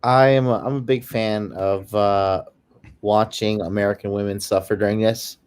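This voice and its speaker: A man's voice: on the low side, moderate pace, clear, resonant tone. A man co-hosting a podcast in casual chat, telling stories in a crude, mocking way. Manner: crude, mocking, animated storytelling. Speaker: podcast co-host.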